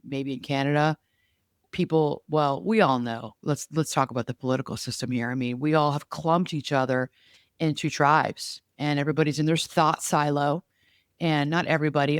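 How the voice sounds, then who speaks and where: Earnest rambling man, smooth clear voice. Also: fairly high pitch, no echo, studio quality. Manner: rambling, restarts often, earnest, uses air quotes. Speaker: podcast co-host. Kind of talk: casual conversational chat.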